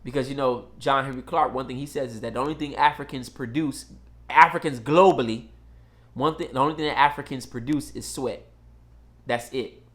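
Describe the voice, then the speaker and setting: A man's voice: mid-range voice, fairly quick, fairly bright tone. A man delivering a casual monologue in a blunt, emphatic, repetitive way. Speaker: commentator.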